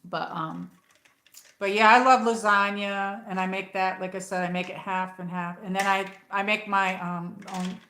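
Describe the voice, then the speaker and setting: On her livestream, a middle-aged American woman chats casually, rambling and reading viewer comments out loud. Her voice is fairly bright, with medium pitch, a level tone, and a normal pace. The recording has the echo of a reverberant room.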